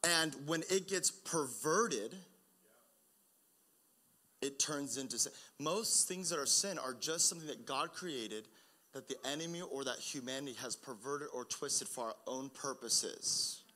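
A young man preaching a sermon, telling personal stories in a conversational way that builds to loud, urgent emphasis. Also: medium pitch, lively intonation, unhurried. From Oregon, United States. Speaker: pastor.

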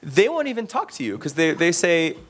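A man giving casual, animated interview answers, full of fillers and restarts, who slips into playful voices when quoting people. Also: fairly high pitch, a little fast. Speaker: interviewee, expat in the bar trade.

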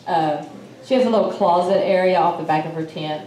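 A woman's voice: on the low side, fairly quick, mellow. Woman, casual storyteller, acts out quotes; distant mic, roomy echo. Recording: echoey room, mic at a distance, faint noise.

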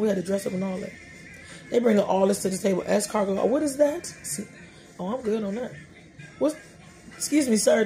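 A woman's voice: medium pitch, warm tone. A middle-aged woman hosting a podcast, sharing faith talk in a colloquial, joking, storytelling way. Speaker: podcast host.

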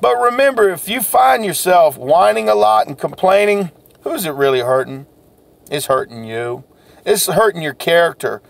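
A man's voice: high voice, lively intonation, normal speed, gravelly. A man, a sales coach giving a folksy, self-deprecating motivational talk.

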